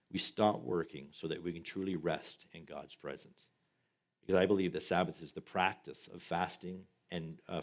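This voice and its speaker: A man preaching as pastor, closing with an earnest, halting prayer that repeats words, then telling a joke. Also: low voice.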